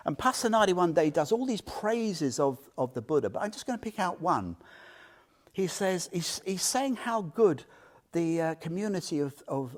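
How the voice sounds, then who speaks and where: A man giving an informal Buddhist talk to a small group, telling stories with questions and laughter. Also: on the high side. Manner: animated storyteller, asks listeners questions, laughs often. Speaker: Buddhist teacher.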